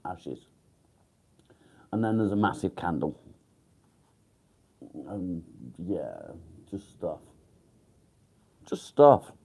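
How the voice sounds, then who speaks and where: Groggy, low-voiced man. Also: lively intonation, takes it slowly, long pauses, mellow, breathy edge. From England. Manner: groggy, rambling, mumbled fillers and swearing. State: groggy, just woken up. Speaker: livestream host. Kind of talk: casual live-stream chat.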